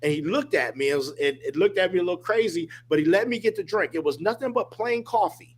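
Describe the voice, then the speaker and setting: Husky, lively man telling a story. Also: high-pitched, fast talker. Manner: emphatic, animated, addresses listener as dude and man. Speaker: guest. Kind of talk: casual storytelling.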